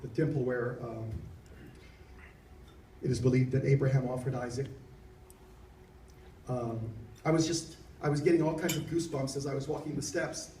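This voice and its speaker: A man's voice: mid-range voice, fairly even intonation, moderate pace, pauses often, warm tone, slight background noise. A middle-aged man, a reverend, giving an earnest, heartfelt personal testimony at a dinner. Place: banquet hall. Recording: echoey hall, mic far off.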